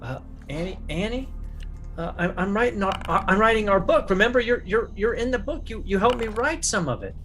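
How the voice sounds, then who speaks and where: Guy doing a jittery stammering writer, voice a bit high, music faint behind. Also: lively intonation, fairly quick, a bit bright. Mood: nervous. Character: nervous male writer, stammering.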